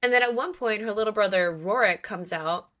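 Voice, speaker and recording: Woman host, casual book chat, animated and a little profane, mid-pitched. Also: fairly quick. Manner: animated, lots of "like", playful swearing.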